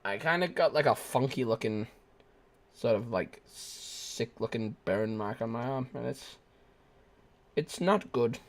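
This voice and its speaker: A man's voice: mid-range voice, unhurried. A young man streaming a shooter game, rambling goofily and breaking into squeals, laughs and bits of song. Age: young adult. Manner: goofy, rambling, bursts into shrieks, laughter and sung snatches. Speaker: gaming streamer. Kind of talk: casual live gameplay commentary.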